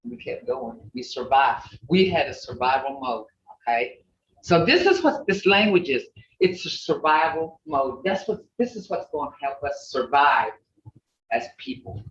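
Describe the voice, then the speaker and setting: A woman's voice: a bass voice, distant mic, slight background noise. An older woman grandmother leading an online language class, drilling syllables and laughing often. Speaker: language teacher. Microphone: video call. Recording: dull roomy video call audio.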